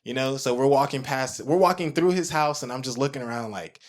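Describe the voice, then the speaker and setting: A man in his twenties telling a story in casual chat, animated and full of "like" fillers. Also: fairly quick. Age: 20s. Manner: animated, acts out his own reactions in a high excited voice; heavy use of filler "like". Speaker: guest, producer and audio engineer.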